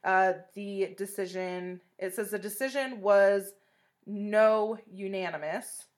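A woman co-hosting a true-crime podcast in casual chat, animated and swearing often as she recounts details of a case. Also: mid-range voice, slow. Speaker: podcast co-host.

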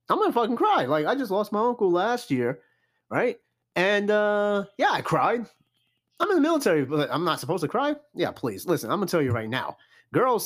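A young man hosting a casual solo podcast, giving blunt, profane advice on listener questions. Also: on the high side. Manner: blunt, animated, profane, repeats "I'm gonna tell you right now".

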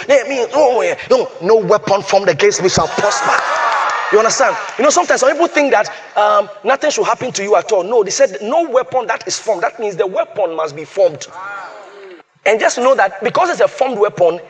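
A male preacher with a fairly high voice. He drives points home by repeating lines and quoting scripture. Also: a little hiss or hum. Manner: emphatic, repeats phrases, quotes scripture. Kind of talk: sermon.

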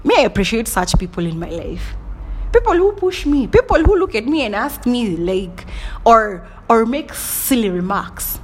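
A woman giving a dramatic motivational monologue, swinging between whispers and loud bursts and often laughing at herself. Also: on the high side, big pitch swings, moderate pace, slightly rough. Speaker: motivational speaker.

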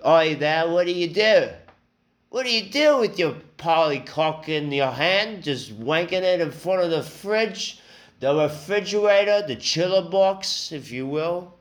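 A man's voice: fairly high pitch, lively intonation, measured pace, voice pushed up. Man putting on a pushy mock-British salesman. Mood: nosy. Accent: exaggerated mock British. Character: male British internet salesman, pushy and nosy.

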